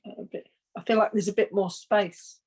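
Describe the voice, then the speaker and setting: A woman in a group video call, sharing her feelings in a thoughtful, slightly halting way. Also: medium pitch, steady tone, a little mellow, husky. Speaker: group participant.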